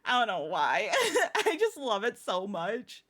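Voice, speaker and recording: A woman's voice: medium pitch, huge pitch swings, measured pace, fairly bright tone. A young woman streamer chatting casually with her viewers, giggling often and gushing. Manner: giggly, laughs often and gushes. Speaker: streamer showing her new avatar. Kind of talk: casual live-stream chat.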